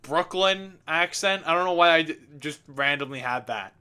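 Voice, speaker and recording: A man's voice: on the high side, moderate pace, clean tone. A young man giving a casual commentary over his own gameplay video, laughing, swearing and poking fun at himself. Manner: animated, laughing, swearing, self-mocking. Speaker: commentary host.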